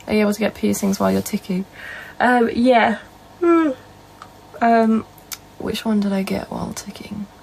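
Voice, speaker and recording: A woman's voice: medium pitch, little pitch movement, moderate pace, creaky, darkish tone, slight background noise, poor audio. A young woman with a Northern English accent, casually chatting on a live stream and answering viewer comments. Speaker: livestreamer.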